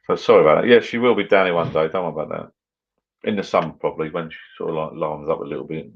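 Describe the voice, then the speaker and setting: A man's voice: very deep voice, racing, gravelly, dull audio. A middle-aged man hosting a casual live chat over drinks, rambling on as he reads out comments. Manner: rambling, mumbling on. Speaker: livestream host. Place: garden bar shed at home.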